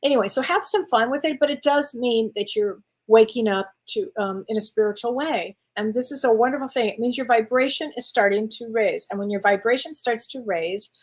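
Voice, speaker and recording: A woman's voice: a little high, a little fast, few pauses. A woman, a spiritual medium chatting encouragingly with viewers on a live stream. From Wisconsin, USA. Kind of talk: casual live-stream chat reading viewer comments.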